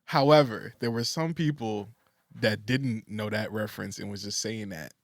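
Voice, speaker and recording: A podcast co-host chats casually, rambling with plenty of fillers and restarts and breaking into laughter. His lowish voice moves at a moderate pace in clean studio sound without room echo.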